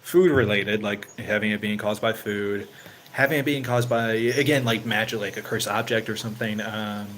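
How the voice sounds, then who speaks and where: This channel host has a lowish, slightly bright voice with fairly even intonation and a moderate pace, recorded roughly with slight background noise. In a casual livestream chat he rambles along with plenty of "you know" fillers, growing livelier as he recounts stories.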